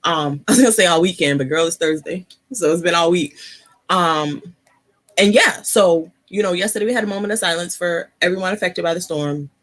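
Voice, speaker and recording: A woman hosting a casual live-stream chat, talking softly because of an ear infection, laughing and chatty, sitting close to her computer mic. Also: fairly low pitch, fairly quick. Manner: chatty, laughing asides, many fillers. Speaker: host.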